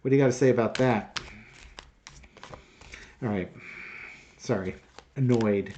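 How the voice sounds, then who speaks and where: A man's voice: mid-range voice, a little slow, long pauses, dark tone, lo-fi sound, a little hiss or hum. A man hosts his own tarot channel in a casual monologue. He is sarcastic and exasperated and rambles with plenty of fillers. His voice sits in a middling register. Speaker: tarot reader and channel host.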